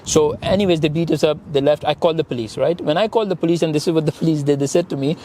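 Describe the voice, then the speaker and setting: Fast-talking excited man retelling events. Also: a little high, a little hiss or hum. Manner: fast, excited retelling with quoted dialogue and frequent laughs. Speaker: interview guest. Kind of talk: animated storytelling in conversation.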